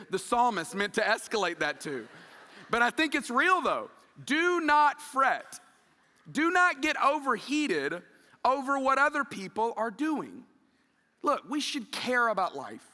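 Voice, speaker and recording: A middle-aged man preaching a sermon in a church, conversational and animated, acting out quoted asides. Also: high-pitched, big-room sound. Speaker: pastor. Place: church sanctuary.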